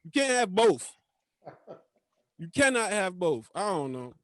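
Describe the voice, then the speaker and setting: A man's voice: sits high, sing-song, a little slow, fairly bright tone, no room sound. A man doing stand-up comedy over a video call with a rambling, drawling delivery.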